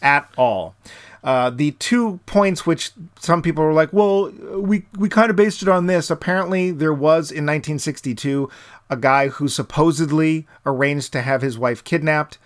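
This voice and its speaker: Male podcast co-host, slightly high voice, jokey and playful on the plugs. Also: normal speed. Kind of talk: casual chat.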